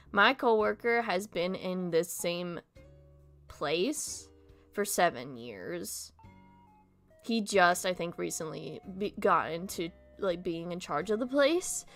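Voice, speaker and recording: A young woman chatting casually and candidly with her viewers, venting and swearing, and sometimes stumbling over words because of a speech impediment. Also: on the low side. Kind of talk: casual chat.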